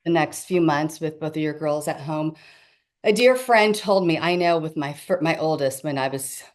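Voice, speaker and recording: A middle-aged woman speaks as a podcast guest, her voice sitting low for a woman. She tells her stories in an earnest, reflective way, often dropping soft and quiet as she thinks aloud. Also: lively intonation, moderate pace. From Filipino heritage. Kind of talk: casual podcast chat.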